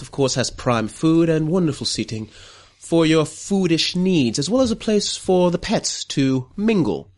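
A man narrating as game master, in a playful tone. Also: medium pitch.

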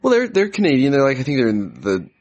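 A man's voice: mid-range voice, huge pitch swings, fast, a little mellow, muffled recording. A man talking casually as a podcast guest, loose and hesitant, with many fillers. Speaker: prospect analyst guest.

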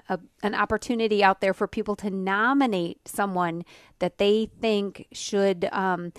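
Smooth-voiced radio co-host woman. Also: medium pitch, no echo, studio quality. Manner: warm, reflective, with pauses and ums. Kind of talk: casual radio talk.

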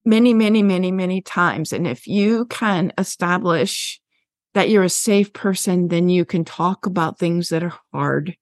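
This veteran health teacher, a woman in her sixties, talks at a measured pace in a voice on the low side. Her podcast interview is studio quality with no room sound, and she tells classroom stories with passion and emphasis.

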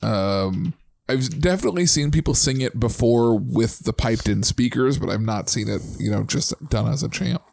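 Gravelly-voiced man hosting a podcast. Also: mid-range voice, normal speed. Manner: relaxed, frequent ums and uhs, sings chant lines. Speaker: podcast host. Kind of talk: casual podcast chat.

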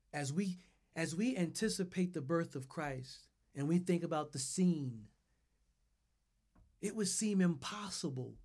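A man's voice: a little high, darkish tone. A man preaching a sermon and leading his listeners through repeated phrases with strong emphasis on each word. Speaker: pastor.

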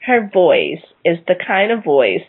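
A woman hosting a podcast interview, effusive and quick to laugh. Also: fairly low pitch, big pitch swings, vocal fry, slightly rough. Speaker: podcast host. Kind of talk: conversational interview. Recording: phone-like line.

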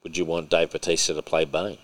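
A man hosting a podcast in casual chat, excitable and opinionated, swearing freely. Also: very deep voice, a little fast. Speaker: podcast host. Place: podcast recording.

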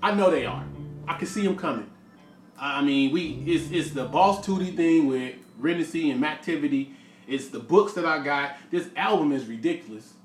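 A man's voice: on the high side, expressive, normal speed. A man in his forties, a musician, talking frankly in a rambling, stop-start casual monologue. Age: 40s. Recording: echoey room, voice from far off, music behind.

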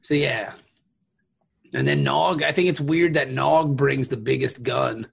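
A man's voice: medium pitch, a little slow, creaky, slightly rough. A man co-hosting a podcast in casual chat, joking around and slipping into mock voices. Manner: jokey, slips into mock voices. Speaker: podcast co-host.

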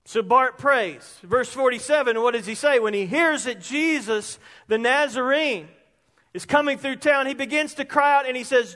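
A man, preaching an animated sermon that rises into shouts. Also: very high-pitched, moderate pace. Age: 50s. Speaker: pastor. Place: church sanctuary. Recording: long reverb of a large hall.

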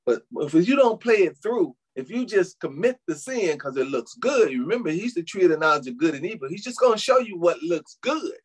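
Man preaching a sermon, animated swings of pitch, fairly high voice, amens and chuckles throughout. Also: normal speed, slightly rough. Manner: preaching with frequent "amen" and laughs, addressing "saints". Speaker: pastor.

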